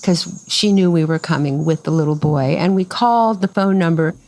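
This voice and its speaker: A woman's voice: low-pitched, moderate pace, a little hiss or hum, rough recording. An older woman, cofounder of a farm, telling a story in a casual interview and acting out the voices of the people in it. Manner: animated storyteller who acts out quoted voices.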